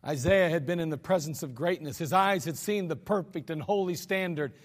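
A man's voice: a little high, fairly quick. A man preaching an earnest, conversational sermon with humorous asides in a church service. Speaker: pastor. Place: church sanctuary. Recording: archived church service with long hall reverb.

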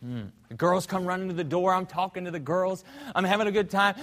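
A man's voice: high-pitched, expressive, fairly quick. Fervent man preaching in echoey hall. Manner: fervent storytelling, swings between loud and hushed. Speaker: pastor. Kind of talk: sermon. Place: church sanctuary.

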